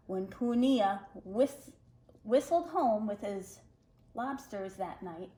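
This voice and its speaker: A woman reading a folktale aloud to children, expressive and animated. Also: medium pitch, poor audio. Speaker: children's storyteller.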